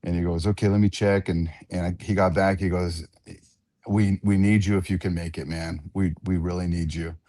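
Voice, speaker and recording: A man, an octagon announcer, telling animated stories in a casual radio interview and often repeating his words. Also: low-pitched, moderate pace. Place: radio studio.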